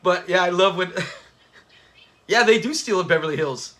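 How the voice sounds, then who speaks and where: A man's voice: sits high, moderate pace, fairly bright tone. A man hosting a casual livestream watch party, chatty and laughing often as he talks to his viewers. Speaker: channel host.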